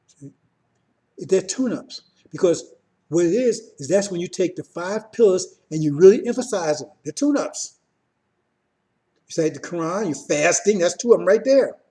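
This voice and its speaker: A man teaching religion in a loose, informal sermon, circling back over the same points and checking in with "see?" again and again. His voice sits a little high for a man yet sounds dark and mellow. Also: expressive, fairly quick. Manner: repetitive, keeps asking "see?", restarts often.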